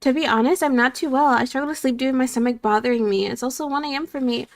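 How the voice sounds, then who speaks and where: A woman's voice: sits high, fast talker. A woman VTuber streamer chatting casually and reading her chat aloud in a bubbly, playful way.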